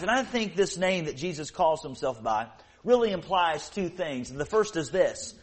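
A man with a fairly high voice delivers a sermon from the pulpit. His preaching is earnest, and he slows down and leans into each key phrase of scripture as he reads. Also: very animated.

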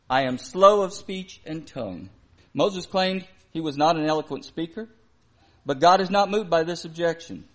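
A man preaching a sermon, reading scripture aloud with slow emphasis and sometimes correcting himself. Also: on the high side. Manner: plain, earnest delivery with occasional verbal slips.

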